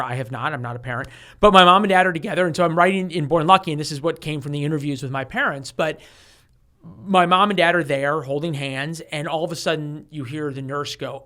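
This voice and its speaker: A man in his forties, a guest author telling a story in an interview, animated and given to restarts, acting out the voices of the people he quotes. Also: a little high. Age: 40s.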